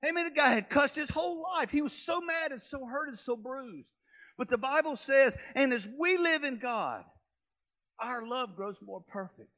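A preacher with a high voice delivers a storytelling sermon, dropping to near-whispers and then climbing into loud, fervent bursts. The recording sounds dull and lo-fi. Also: male voice, animated, moderate pace. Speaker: pastor.

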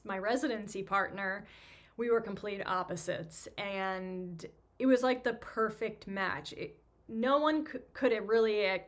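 Speaking in a medium-pitched, slightly bright voice, a chatty New Yorker, a podcast host and physical therapist, delivers a casual storytelling monologue. She pokes fun at herself and leans heavily on fillers.

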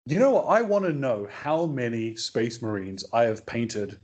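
Male podcast guest, mid-pitched voice; wry, self-deprecating chat. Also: big pitch swings, moderate pace, darkish tone, dull audio. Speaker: podcast guest, game master. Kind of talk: casual chat.

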